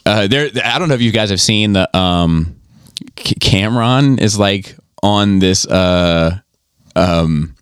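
A man's voice: deep voice, animated, takes it slowly, smooth, no room sound, studio quality. A man co-hosting a podcast, telling stories in casual, profane chat and often repeating himself. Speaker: podcast co-host.

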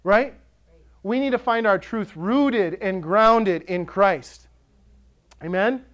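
A male pastor delivers a sermon in a notably high voice. He preaches with passion, building to emphatic declarations. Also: slow pace, a bit bright, dull audio. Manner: impassioned, rising to emphatic declarations.

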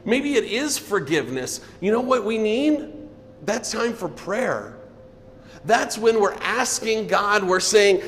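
Slow, earnest high-voiced male preacher. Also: animated, in a large hall, slight background noise. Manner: earnest, drops to a soft low voice for emphasis. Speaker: pastor. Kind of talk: sermon.

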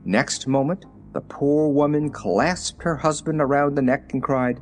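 A man narrating a children's storybook in an expressive, measured reading. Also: mid-range voice, faint music behind. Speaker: audiobook narrator.

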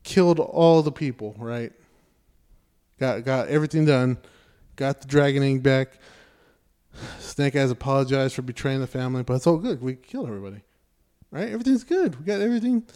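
Mellow-voiced man, animated storyteller. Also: medium pitch, brisk. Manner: animated retelling, acts out characters' lines with sarcasm. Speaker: podcast co-host reviewing a movie. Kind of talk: casual profane chat.

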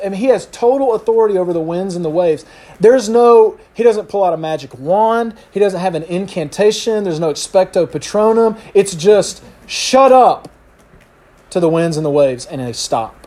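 Animated higher-voiced male preacher. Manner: animated storyteller acting out quotes. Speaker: pastor. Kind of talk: sermon.

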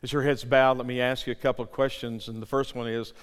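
A middle-aged male pastor preaching a sermon and leading a prayer, swinging from loud impassioned pleading to hushed near-whispers. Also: mid-range voice, flat delivery, fast, clean tone. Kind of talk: sermon with altar call. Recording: long hall reverb.

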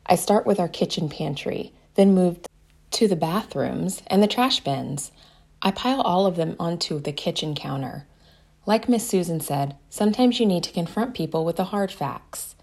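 A woman's voice: lowish voice, expressive, moderate pace, gravelly, a little mellow, husky. A woman reading a children's story aloud, telling it in the first person as a young girl. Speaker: narrator.

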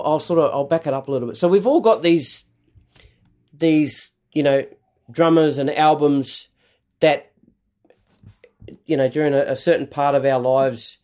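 Chatty man hosting a podcast. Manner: chatty, excitable, repeats words while thinking. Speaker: podcast host. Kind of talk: casual chat. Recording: backup recording of lower sound quality.

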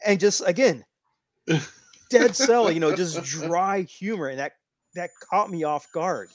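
A man's voice: high voice, unhurried, over a noisy crowd. A man co-hosting a casual podcast, telling a long rambling story with many restarts. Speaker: podcast co-host. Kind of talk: casual wrestling podcast chat.

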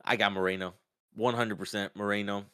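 A man talking casually about a fight, often acting out what others said in a raised, lively voice. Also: on the low side, a little fast, smooth, no room sound, clean studio sound. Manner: animated, acts out quotes in raised voice. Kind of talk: casual sports chat.

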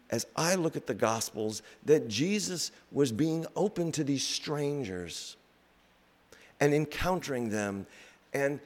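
A man preaching a sermon slowly and reflectively, with pauses. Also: on the high side. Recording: long reverb in a large hall.

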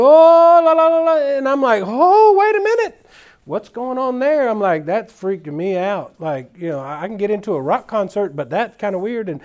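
Guy with a high-ish voice, candid and self-deprecating, stumbles and restarts a lot telling his story. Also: darkish tone. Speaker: conference speaker. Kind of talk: personal testimony talk.

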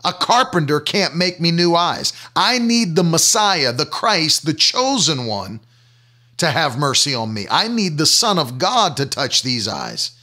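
Guy preaching as blind beggar man begging for his eyes, high bright voice, earnest. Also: very animated, measured pace, full character voice. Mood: pleading. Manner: pleading, earnest. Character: blind male beggar crying out for healing.

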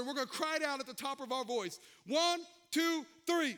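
A man preaching a sermon, animated, calling out to the congregation and slipping into folksy, joking asides. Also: extremely high pitch, fairly quick, few pauses, crowd noise, noisy background. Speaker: pastor.

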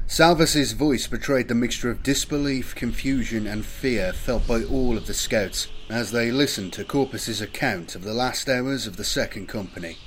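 A man giving steady, measured scripted narration of an audiobook. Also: mid-range voice, a little hiss or hum.

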